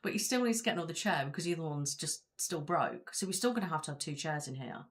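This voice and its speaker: A British woman with a low, relaxed voice chats casually to viewers on a live stream. She rambles from topic to topic and reads out comments as she goes, sitting at home with her feet up. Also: fast talker. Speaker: ASMR channel host.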